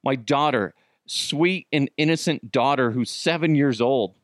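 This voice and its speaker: A man's voice: medium pitch, a little slow, no echo, clean studio sound. A middle-aged man hosting a podcast, telling casual stories with swearing and laughter and acting out the voices of the people in them. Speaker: podcast host. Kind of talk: casual storytelling monologue.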